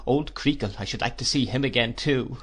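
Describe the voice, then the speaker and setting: A man's voice: medium pitch, breathy edge, natural voice. A man doing a cheerful, modest young man. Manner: eager, lively and quick to laugh. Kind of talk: audiobook character voice.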